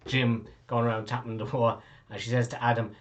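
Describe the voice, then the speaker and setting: A man's voice: mid-range voice, little pitch movement, fairly quick, dull audio, background noise. A man narrating as game master, rambling with lots of fillers. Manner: rambling storyteller, many fillers.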